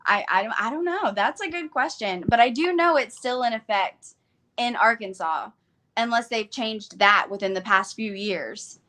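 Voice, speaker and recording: A woman's voice: a little high, animated, normal speed, pushed and bright. A woman with a Southern American accent, co-hosting a casual live-stream chat on a video call, giggly and full of "like". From southern United States. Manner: chatty, giggly, lots of "like" fillers. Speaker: readathon co-host.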